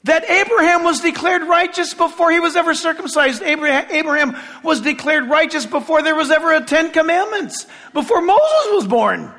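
A man preaching a sermon with passion, shouting at points and making sarcastic asides. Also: very high-pitched, lively intonation, moderate pace, hardly any pauses, big-room sound.

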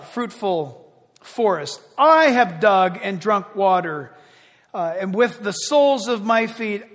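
A man preaching, reading scripture slowly and breaking in with excited, chatty asides. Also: sits high. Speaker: pastor. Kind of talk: sermon reading scripture with commentary. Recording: long hall reverb.

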